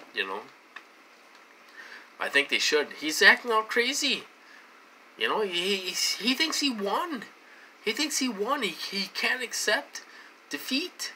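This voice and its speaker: An adult from the United States ranting into the camera, voice swinging up and down as the frustration builds. The tone is sharply bright and piercing, with repeated words and curses. A faint hum of room ambience sits behind the voice. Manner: agitated, repetitive, swears, pitch swings high when indignant. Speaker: vlogger.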